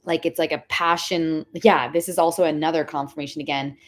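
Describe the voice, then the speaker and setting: A young woman hosts a casual tarot livestream and talks straight to her viewers. Her voice sits a little low for a woman. She is chatty and excitable and fills her talk with "like.". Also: brisk. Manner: chatty, excitable, says "like" a lot. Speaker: tarot reader hosting a livestream.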